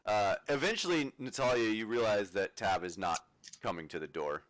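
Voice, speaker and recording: A man running a tabletop game as dungeon master, relaxed and laughing often. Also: fairly low pitch, moderate pace, no room sound.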